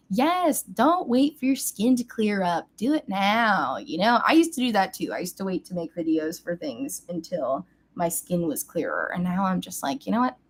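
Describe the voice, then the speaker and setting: A young woman in a casual get-ready-with-me beauty vlog, chatty and bubbly, recorded on a webcam at home. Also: mid-range voice. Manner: chatty and bubbly, squeals at comments and her cat. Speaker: beauty vlogger.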